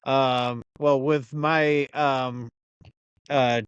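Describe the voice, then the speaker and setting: A man's voice: medium pitch, fairly even intonation, very slow, smooth, dry recording, dull audio. A man from the United States hosting a podcast, chatting casually with laughs and the odd swear word. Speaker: podcast host.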